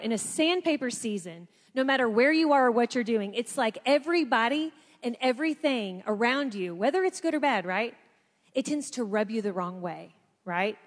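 A woman telling a lively personal story to a room of people, acting out what others said. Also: fairly high pitch, in a large hall. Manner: animated storyteller, acts out quotes. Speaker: speaker. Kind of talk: storytelling talk to an audience.

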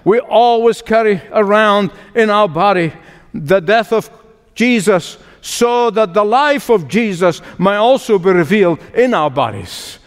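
A high-pitched man delivers a sermon at a deliberate, unhurried pace. His emphatic delivery rings out with a long reverb tail, and soft music plays faintly behind him. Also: animated. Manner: slow, emphatic preaching with rhetorical questions. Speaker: pastor.

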